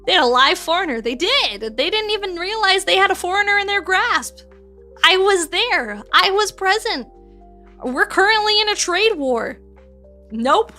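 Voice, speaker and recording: A woman's voice: very high voice, expressive, normal speed, sharp tone, faint music behind. A woman from Canada, chatting playfully and giggling on a livestream while she builds a model kit. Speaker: streamer.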